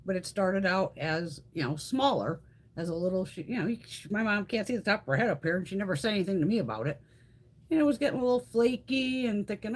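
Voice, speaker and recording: Middle-aged woman, lively swinging pitch, casual livestream chat, swears a lot. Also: quick pace. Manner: animated, swears freely, chats with live viewers. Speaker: beauty livestream host.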